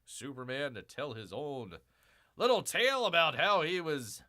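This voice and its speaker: A man hosts a live-stream commentary, reading out news items and cutting in with sarcastic jabs. His fairly high voice swings widely in pitch. The tone is bright, and the delivery rambles with restarts and fillers. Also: sing-song, a little slow. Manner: sarcastic, mocking asides.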